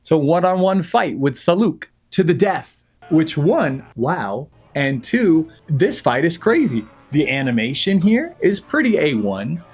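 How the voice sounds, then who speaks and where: A young man giving a sarcastic, jokey recap of an animated movie as a reviewer, now and then mimicking the characters. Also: fairly high pitch, a little slow, slightly rough.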